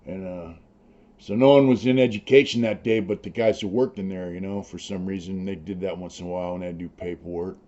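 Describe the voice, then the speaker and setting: A man's voice: low voice, fairly even intonation, quick pace, dark tone, highs cut off. An older man, a former prisoner, telling his stories in a rambling, profane, casual way full of "you know". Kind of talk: casual storytelling.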